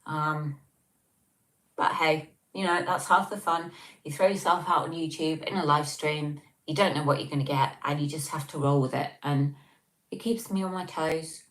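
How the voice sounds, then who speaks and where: Her voice is deep and a bit bright, with a steady tone and normal speed. An English-accented woman, she's hosting a casual home livestream, reading out comments and chatting in a rambling way with lots of ums, recorded on a tablet sitting on a table.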